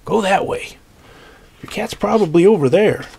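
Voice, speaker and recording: A man voicing a helpful grown-up stranger who points the way, in a plain, even manner. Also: high voice, normal speed, vocal fry, husky, pitched above the performer's own voice, exaggerated voice.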